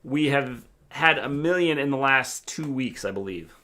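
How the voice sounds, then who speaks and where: A man's voice: medium pitch, lively intonation, moderate pace, bright, forceful tone. A middle-aged man with a Midwestern accent co-hosting a livestream, speaking in dry, matter-of-fact casual chat. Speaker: co-host, father.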